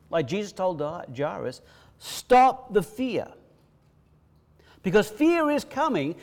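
A male pastor, preaching a sermon with emphatic repetition, swinging between loud bursts and quiet hushes. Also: high-pitched. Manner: preaching with rising, emphatic repetition and sudden drops to a hush.

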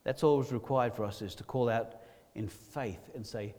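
A man preaching a sermon, swinging from loud emphatic lines to low quiet ones. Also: moderate pace, long reverb tail.

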